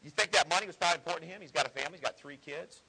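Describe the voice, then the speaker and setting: A man's voice: on the high side, very fast, creaky, sharp tone, slightly rough, low-quality recording. A man preaching a sermon in an earnest, conversational way with folksy asides. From Ohio.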